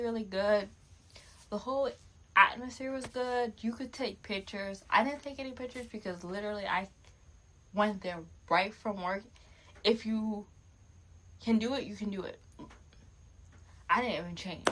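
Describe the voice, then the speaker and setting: A young woman recording a casual vlog, talking in an animated, blunt and repetitive way into a phone. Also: mid-range voice, low-quality recording. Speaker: vlogger.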